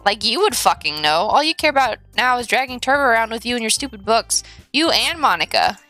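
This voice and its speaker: Woman reading snappy foul-mouthed teen girl, bright voice, a bit high. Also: sing-song, fairly quick, faint music behind. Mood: indignant. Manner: snappy, cursing.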